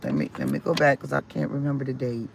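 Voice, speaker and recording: Gravelly man telling his story. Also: mid-range voice, fast, a little hiss or hum. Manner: rambling, repeats words and restarts, expressive swings. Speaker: vlogger. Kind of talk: casual personal storytelling.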